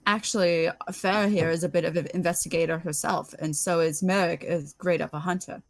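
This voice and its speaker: A woman playing a tabletop game who talks in a quick, bubbly way and swears casually. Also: lowish voice, steady tone, no echo. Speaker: player.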